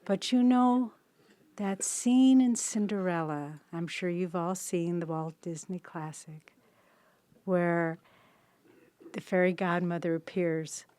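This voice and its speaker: A woman in her sixties giving a devotional talk as a spiritual teacher, telling a story in a gently earnest way. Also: fairly low pitch, slow.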